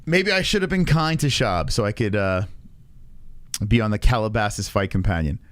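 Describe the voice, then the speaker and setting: A man's voice: fairly low pitch, normal speed, dry recording. A man hosting a casual reaction stream, swearing freely and laughing often. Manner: profane, laughs often, animated. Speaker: streamer host.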